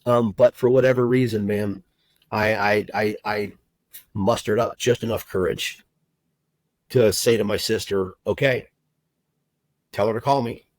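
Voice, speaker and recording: Low-voiced man telling a heartfelt story. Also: steady tone, no room sound, low-quality recording. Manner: heartfelt, halting, many "you know" fillers and restarts. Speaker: guest, recruiter and agency owner. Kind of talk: personal storytelling in a podcast interview.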